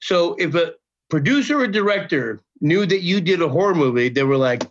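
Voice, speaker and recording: An older man telling a story as a podcast guest, in a casual, profane, animated way, acting out the people he quotes. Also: on the high side, normal speed, a little hiss or hum. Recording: dull lo-fi sound.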